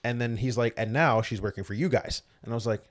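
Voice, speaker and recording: A young man talks quickly, working through a long story as a guest in a casual interview. He acts out what each person said, with rapid and lively delivery at a middle pitch. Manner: fast animated retelling, acts out quoted dialogue. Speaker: guest, former Olympic skeleton racer.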